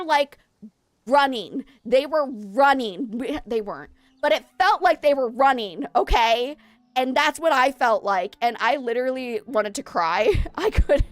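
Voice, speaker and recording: Chatty high-voiced woman streamer. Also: no echo. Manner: rambling, chatty, jumps between topics. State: slightly out of breath. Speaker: game streamer. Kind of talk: casual chat while streaming a game. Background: faint game music.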